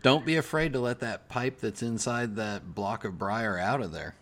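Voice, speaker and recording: Host: fairly low male voice, easygoing and conversational. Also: moderate pace, a bit bright. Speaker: podcast host. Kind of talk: casual interview questions.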